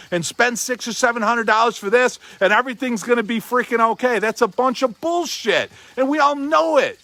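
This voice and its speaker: A man's voice: high-pitched, bright, forceful tone, dry recording. A man giving an emphatic motivational talk as a chiropractic coach, repeating himself and swearing casually.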